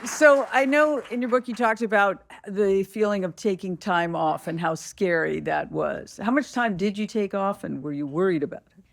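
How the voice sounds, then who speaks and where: A woman's voice: medium pitch, normal speed, vocal fry, no echo. A woman hosting a live podcast interview, asking short questions with wry asides. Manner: brief wry asides and questions, laughs often. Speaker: podcast host.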